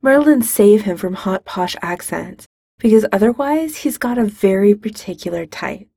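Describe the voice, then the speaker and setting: Fiction reader: woman, wry and casual, raspy with vocal fry, dry. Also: medium pitch, expressive, moderate pace, warm tone, no room sound. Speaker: narrator. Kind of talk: fan fiction audiobook reading.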